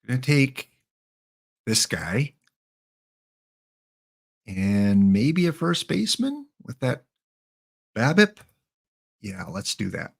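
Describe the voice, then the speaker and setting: Slow, musing male game streamer. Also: medium pitch, very animated, creaky. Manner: thinks aloud while picking cards, mutters names; chatty asides to chat viewers. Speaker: livestream host. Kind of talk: live gameplay commentary.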